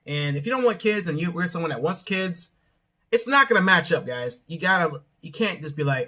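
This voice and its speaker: A man's voice: fairly high pitch, expressive, a little fast, bright, forceful tone. Rambling casual man recapping a show. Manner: rambling, hedging with frequent "I don't know". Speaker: show reviewer, channel host.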